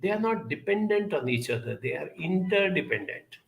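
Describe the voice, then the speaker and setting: Male speaker, gravelly, measured emphatic delivery, roomy echo. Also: high-pitched, sing-song. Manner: measured, emphatic, frequent uh fillers. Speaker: speaker answering audience questions. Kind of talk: live talk on emotional intelligence.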